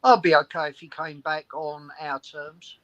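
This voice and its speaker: A man co-hosting a casual fan podcast, speaking briskly with short agreeing interjections. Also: on the high side, fairly even intonation, a bit bright, dull audio. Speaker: podcast co-host. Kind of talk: casual chat.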